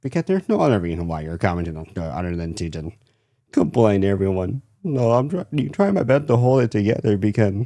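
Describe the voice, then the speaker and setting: A young man rambling through a casual storytime about his retail job. His voice sits very low, with a dark, mellow tone. The sound is dry and close, full of fillers and restarts. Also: big pitch swings, fairly quick, dry recording. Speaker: retail worker telling a story.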